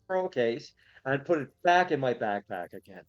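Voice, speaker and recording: A man playing a tabletop game, describing his character's actions step by step with halting restarts. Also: mid-range voice, big pitch swings, no echo. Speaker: player. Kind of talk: casual tabletop play.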